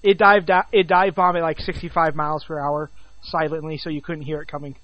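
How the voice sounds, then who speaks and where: A man co-hosting a podcast, easygoing and quick to laugh in casual chat. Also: on the high side, level tone, no echo. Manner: chatty, giggly, laid-back. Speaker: podcast co-host. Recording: dull lo-fi sound.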